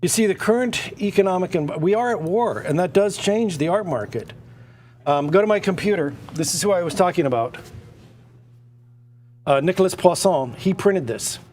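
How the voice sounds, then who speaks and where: A man hosting a live-streamed art auction, excitable and prone to rambling tangents. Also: high-pitched, moderate pace. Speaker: auction host.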